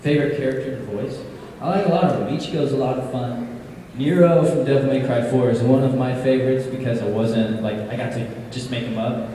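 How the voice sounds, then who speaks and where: A man who works as a voice actor, answering fan questions at a convention panel with animated, self-deprecating stories and frequent laughter. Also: medium pitch, a little fast. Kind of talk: casual Q&A storytelling. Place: large convention hall with an audience. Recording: echoey hall, far from mic, crowd noise.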